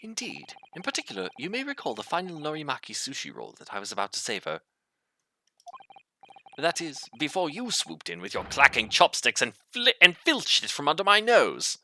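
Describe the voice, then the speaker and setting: A man voicing a pompous, theatrical gentleman detective with a florid way of talking. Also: fairly high pitch, huge pitch swings, normal speed, slight background noise, voice pushed up, heavily acted. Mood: smug. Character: theatrical eccentric male detective, pompous and smug.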